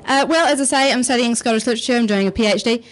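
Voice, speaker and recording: A woman's voice: on the high side, rapid-fire. A young woman with a New Zealand accent doing a stand-up comedy set, wry and sarcastic, swearing casually. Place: comedy club stage.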